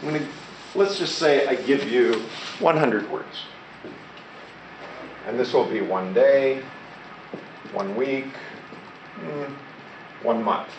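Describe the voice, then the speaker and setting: A man's voice: medium pitch, animated, slow pace, long pauses. A man teaching a class, prompting his students to repeat words and answer his questions. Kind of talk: classroom lesson. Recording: echoey classroom recorded from far off with loud background noise.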